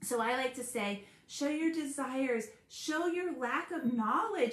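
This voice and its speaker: A woman hosting a live stream about school support teams, earnest and animated, laughing often as she talks. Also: high voice, a little slow, hardly any pauses, roomy sound. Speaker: special education advocate hosting a live stream. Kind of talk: casual live-stream talk.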